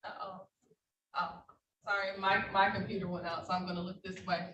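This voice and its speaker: A woman's voice: on the low side, little pitch movement, normal speed, pushed and bright, lo-fi sound. A woman judge running courtroom proceedings in a formal, patient, procedural manner over a video call. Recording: roomy, distant, faint noise.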